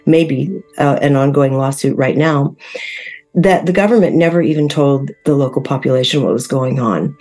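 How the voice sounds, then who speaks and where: A woman hosts a solo commentary video in a low, grounded voice. She talks conversationally, pausing with fillers and correcting herself as she goes. Faint music plays quietly underneath. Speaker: host.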